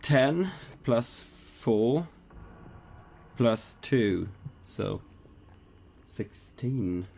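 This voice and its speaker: A man's voice: medium pitch, animated, extremely slow, vocal fry, long pauses, a little mellow, slight background noise. A man playing a tabletop game, talking hesitantly and thinking aloud as he plans his moves. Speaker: player.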